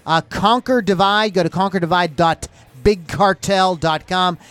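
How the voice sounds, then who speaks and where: A man's voice: high voice, measured pace, a bit bright, dry recording. A man hosting a rock podcast in a loose, rambling, jokey way. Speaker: podcast host. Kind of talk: casual chat.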